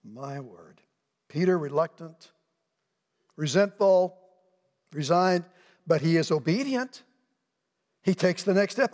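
A middle-aged man preaching a sermon as pastor, animated and acting out the voices of people in the story, in a church sanctuary. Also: on the high side, slow pace, pauses often. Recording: long reverb of a church hall.

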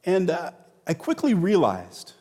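A man's voice: sits high, wildly swooping pitch, unhurried, mellow, long reverb tail. A middle-aged man preaching a sermon in a conversational way, repeating words and asking rhetorical questions. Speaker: pastor.

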